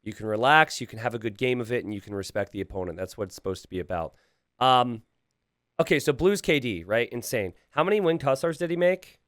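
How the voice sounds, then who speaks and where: A male game commentator whose voice sits at an ordinary mid pitch but swings widely up and down as he reacts. He talks casually and excitably, laughs easily and breaks into sudden exclamations. He keeps turning to his viewers with questions. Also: brisk, no echo, studio quality. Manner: chatty, asks the viewers questions. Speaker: game commentator and channel host.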